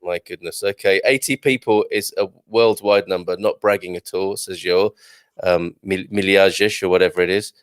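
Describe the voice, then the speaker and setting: A man's voice: deep voice, steady tone, normal speed, no echo, clean studio sound. A man hosting a live morning show, chatting jovially and reading out viewer comments. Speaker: show host.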